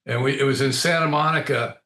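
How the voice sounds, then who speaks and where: A man's voice: mid-range voice, a little fast, sharp tone, reverberant. A man who is a guest on a podcast, chatting casually and telling anecdotes.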